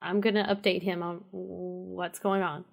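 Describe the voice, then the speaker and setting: A woman's voice: on the low side, little pitch movement, a little slow, gravelly. A woman playing a character in a tabletop role-play, talking with hesitations and restarts. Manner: hesitant, lots of fillers and restarts. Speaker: player.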